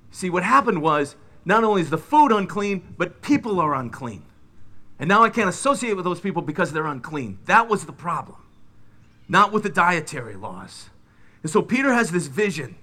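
A middle-aged man preaching a sermon, retelling biblical scenes with lively, dramatic delivery. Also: high voice, normal speed. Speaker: pastor.

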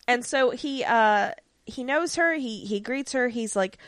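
A woman's voice: fairly high pitch, expressive, slow pace, fairly bright tone, no room sound. A woman co-hosting a podcast, recapping a TV episode in casual chat with plenty of ums and likes. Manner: chatty, many ums and likes, acts out lines in quotes.

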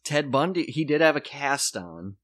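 A man's voice: medium pitch, big pitch swings, moderate pace, a bit bright. Man telling stories with profane humor. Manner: storytelling, acts out quotes, swears freely. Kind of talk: casual comedic chat.

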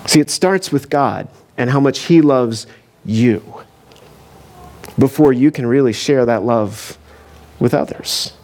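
A man's voice: mid-range voice, slow pace, long pauses, darkish tone. A man preaching a conversational sermon as a pastor, telling the story casually with frequent asides and fillers. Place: church.

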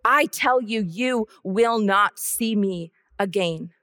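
A woman preaching a sermon with a measured, solemn, repetitive cadence. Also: medium pitch, sharp tone, no room sound, studio quality.

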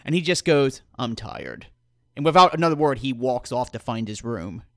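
Male tabletop player, animated and casual, narrating his character. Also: medium pitch, a little fast, no room sound, clean studio sound. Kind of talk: tabletop role-play narration.

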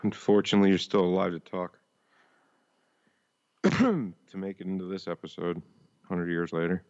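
A man's voice: sits low, steady tone, moderate pace, a little mellow. A man co-hosting a podcast in casual chat, blunt and sardonic, swearing a lot. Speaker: podcast co-host. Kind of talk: casual chat reviewing a TV episode. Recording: dull lo-fi mic.

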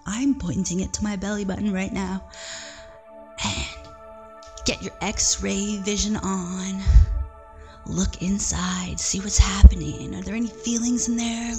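Playful, encouraging woman guiding children. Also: mid-range voice. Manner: gentle, playful and encouraging, drops into whispers. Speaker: children's mindfulness guide. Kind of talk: guided mindfulness lesson for kids. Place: living room at home.

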